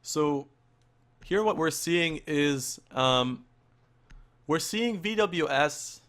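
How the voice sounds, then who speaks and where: Halting, hoarse male esports caster. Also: on the high side, lively intonation, a bit bright. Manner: halting, with frequent restarts and fillers. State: hoarse, losing his voice. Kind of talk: live play-by-play commentary.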